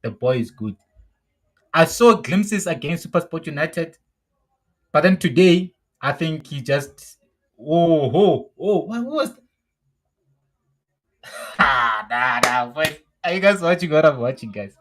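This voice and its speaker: A young South African man hosting a live football watch-along, reacting excitably and repeating his exclamations. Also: on the high side, measured pace, rough recording. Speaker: football show host.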